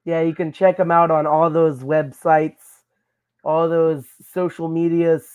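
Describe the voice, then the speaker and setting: A man's voice: a little high, little pitch movement, a little slow, darkish tone, smooth. A man co-hosting a podcast, improvising silly comedy scenes in a rambling, stammering way. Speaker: podcast co-host.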